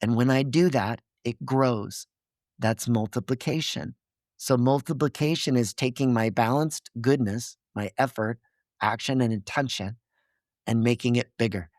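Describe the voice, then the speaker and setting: A man's voice: medium pitch, unhurried, darkish tone, dry recording, studio quality. A man as a podcast guest, explaining his ideas earnestly and checking in with his listener as he goes. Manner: didactic, checks in with "okay?" and "right?".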